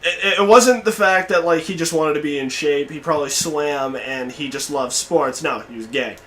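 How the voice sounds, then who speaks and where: A young man hosting a podcast, telling a story in casual chat, swearing freely and shouting out the quoted lines. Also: fairly high pitch, moderate pace, slight background noise. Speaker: podcast host.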